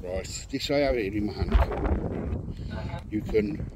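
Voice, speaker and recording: A man with a Birmingham accent, a paranormal investigator calling out to spirits at night by a railway track, asking slow and polite questions. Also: lowish voice, very noisy. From Birmingham, England. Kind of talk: calling out to spirits on a ghost hunt.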